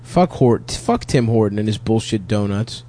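A man's voice: lowish voice, animated, moderate pace, warm tone. A man co-hosting a comedy podcast, riffing in profane, mock-indignant bursts. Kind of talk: casual comedic banter.

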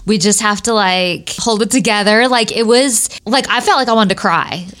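A woman's voice: medium pitch, moderate pace, a bit bright. A woman in her forties co-hosting a podcast, telling stories in a chatty way with lots of "like" fillers. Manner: chatty storytelling, many "like" fillers. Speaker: podcast co-host. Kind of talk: casual chat.

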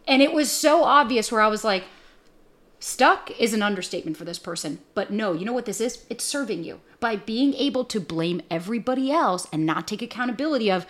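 A young woman hosting a podcast, talking bluntly and profanely in casual chat and telling stories with lively energy. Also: fairly high pitch, a little fast. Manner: blunt, profane, animated storytelling. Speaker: podcast host.

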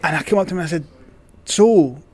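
A man's voice: fairly high pitch, fairly even intonation, rapid-fire, a bit bright, breathy edge. Rambling Scottish man telling stories. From Scotland. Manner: rambling, with many fillers and restarts. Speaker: guest, cycling journalist. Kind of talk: casual storytelling.

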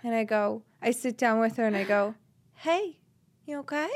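A woman's voice: fairly high pitch, moderate pace. A young woman co-hosting a podcast, telling a story in casual chat and laughing through it until she is close to tears. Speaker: podcast co-host.

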